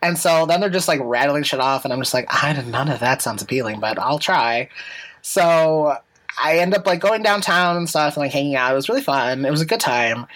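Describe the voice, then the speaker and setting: Telling a travel story on her podcast, a woman speaks a little fast in a low, expressive voice. She rambles with lots of fillers and restarts, swearing casually and laughing, over poor audio.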